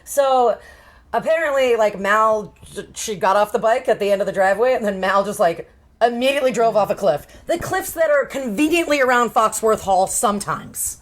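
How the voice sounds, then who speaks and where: A woman co-hosting a casual podcast chat, animated and swearing freely as she retells a story. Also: on the high side, moderate pace. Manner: animated, swears, acts out characters' lines. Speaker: podcast co-host.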